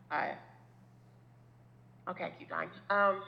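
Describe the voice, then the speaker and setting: A woman's voice: on the low side, lively intonation, normal speed, creaky, long pauses, bright, forceful tone, lo-fi sound. A woman in her thirties co-hosting a podcast, chatting casually in a rambling, self-deprecating way and swearing freely. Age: 30s. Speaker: podcast co-host. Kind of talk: casual chat.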